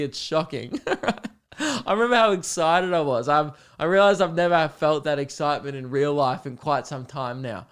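A man's voice: fairly high pitch, a little fast, fairly bright tone, clean tone. A young man hosting a solo podcast, telling stories in a rambling, casual way with lots of fillers and swearing. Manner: rambling, chatty storytelling with frequent fillers and swearing. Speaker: podcast host.

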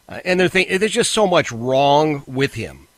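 A man's voice: measured pace, dry recording. A man hosting a talk radio show, delivering an indignant monologue. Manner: animated, indignant, pitch jumps when worked up.

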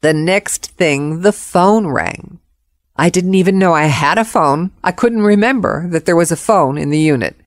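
A woman's voice: low-pitched, no room sound, studio quality. A woman telling a personal story expressively, acting out the voices of the people in it.

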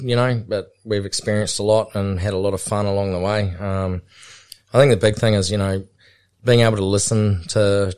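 A man's voice: lowish voice, a little mellow, smooth. A middle-aged man with a New Zealand accent, a bull catcher and pilot, talking in a laid-back, rambling way full of fillers in a podcast interview.

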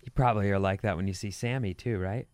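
A man's voice: lowish voice, fast, darkish tone. A man co-hosting a casual chat show, teasing his partner with prodding questions.

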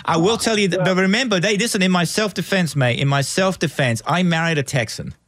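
A man's voice: high voice, fairly quick, a bit bright, dry recording, clean studio sound. A man from just outside London with an English accent worn by years in America, a guest on a radio talk show, rambling, joking and defending himself with many restarts. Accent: English, from near London, mixed with American. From England. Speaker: studio guest. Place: radio studio.

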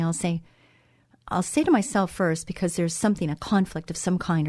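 A woman's voice: fairly low pitch, mellow, no room sound, clean studio sound. A woman hosting a Christian talk show, speaking in an encouraging, conversational way and repeating phrases for emphasis. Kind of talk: devotional talk show monologue.

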